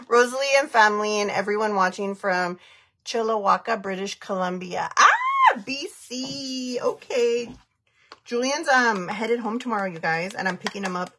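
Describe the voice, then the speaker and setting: Husky-voiced chatty woman in her thirties. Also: medium pitch, moderate pace, a bit bright. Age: 30s. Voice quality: giggly, chatty. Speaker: makeup livestreamer. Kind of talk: casual livestream chat reading comments.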